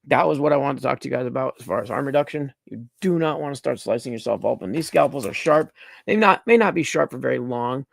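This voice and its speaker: A man's voice: medium pitch, expressive, fast talker, creaky. A man hosting a live stream, casually demonstrating lab safety step by step in a blunt, repetitive way, swearing now and then. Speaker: streaming host teaching mycology safety. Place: dim room at home.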